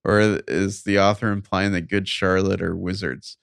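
A man's voice: low-pitched, flat delivery, normal speed, vocal fry, a bit bright, clean tone, no room sound. A man co-hosting a casual podcast chat, making dry, wry jokes. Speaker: podcast co-host. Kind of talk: casual chat and mock reading.

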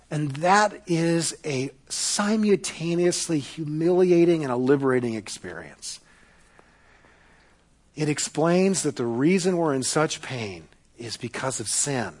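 A man preaching a sermon to a congregation, swinging between loud, emphatic calls and hushed, quiet passages. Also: a little high. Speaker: pastor.

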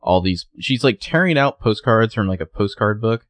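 Low-voiced guy chatting through a tv recap, dry close sound, acts out quotes. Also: animated, no echo. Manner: retells scenes with quick quoted voices. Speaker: podcast co-host recapping a TV episode. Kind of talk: casual chat.

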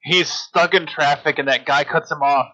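Bright-voiced man on a muffled mic. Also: fairly high pitch. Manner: animated, quick to point out details. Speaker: podcast co-host. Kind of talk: casual podcast chat.

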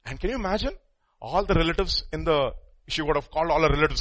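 A man preaching a sermon, swinging from hushed murmurs to loud stressed lines and slowing down to stress key words. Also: a little high, expressive, breathy edge.

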